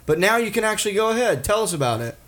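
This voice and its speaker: A man's voice: high-pitched, big pitch swings, rapid-fire, a bit bright. A man hosting a podcast, teasing his guest and swearing casually. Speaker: podcast host.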